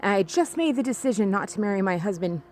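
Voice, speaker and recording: A woman's voice: medium pitch, expressive, fast, a little mellow. Woman from California rambling through a personal story. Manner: rambling, confiding, many restarts and "like". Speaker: podcast host.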